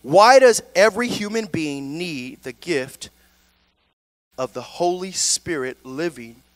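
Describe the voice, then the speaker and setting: Male pastor, high voice, dry close sound, preaching style with call-outs. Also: animated, slow, no room sound. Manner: preaching with call-and-response "amen?" and "right?". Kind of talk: sermon.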